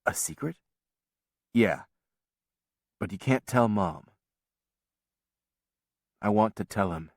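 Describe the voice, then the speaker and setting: A man reading a novel aloud as first-person audiobook narration, in a measured, quiet storytelling manner. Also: on the low side, no room sound, clean studio sound.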